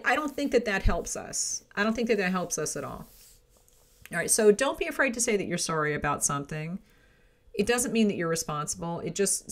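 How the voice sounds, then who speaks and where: A woman's voice: medium pitch, a bit bright. A middle-aged woman hosting a home business podcast, giving frank, chatty advice with frequent "right?" and "okay?" asides. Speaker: podcast host. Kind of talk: casual advice talk.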